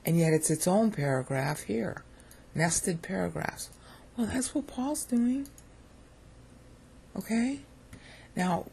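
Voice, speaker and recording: A teacher with an American accent giving a digressive, chatty screen-share lecture on scripture, often pausing to check in with "okay?". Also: medium pitch, vocal fry, warm tone, a little hiss or hum. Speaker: Bible teacher.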